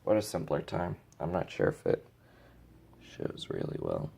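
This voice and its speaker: A man's voice: sits low, huge pitch swings, unhurried, vocal fry, dark tone, husky. Young man ranting in his bedroom. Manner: exasperated ranting, swearing. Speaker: vlogger. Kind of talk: casual ranting vlog.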